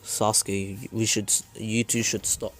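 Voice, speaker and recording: A man's voice: fairly low pitch, little pitch movement, slow, a bit bright. A man voicing a laid-back, tired-sounding teenage boy ninja. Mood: weary. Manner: sighing, tired.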